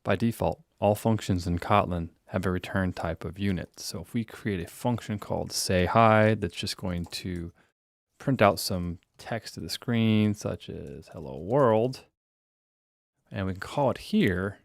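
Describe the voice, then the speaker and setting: A man's voice: deep voice, a little slow, vocal fry, no room sound, studio quality. A man teaching programming in a screen-recorded coding tutorial, explaining step by step and thinking aloud as he types. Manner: relaxed explaining, thinking aloud while typing code. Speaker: programming instructor.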